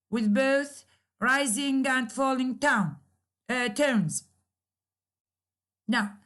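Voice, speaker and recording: A woman lecturer explaining English grammar slowly, repeating key points and modeling example sentences. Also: high voice, fairly bright tone. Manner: slow, repetitive explaining with examples.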